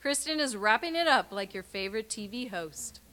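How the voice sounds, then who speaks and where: A woman with a bright, forceful voice pitched a little high reads out names and short messages at a graduation ceremony. Her delivery is clear and measured, with emphatic sign-offs. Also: animated.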